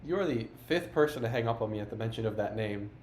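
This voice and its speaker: A man's voice: lowish voice, expressive, quick pace, a little mellow, slight background noise. A man narrating his own video and making phone calls, earnest and a bit confrontational.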